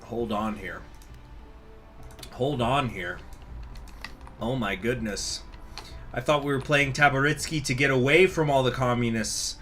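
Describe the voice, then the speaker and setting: Casual, joking gaming commentator. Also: male voice, medium pitch, unhurried, pauses often, pushed and bright, slight background noise. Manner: casual, rambling, joking, swears freely. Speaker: game streamer. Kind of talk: let's-play commentary.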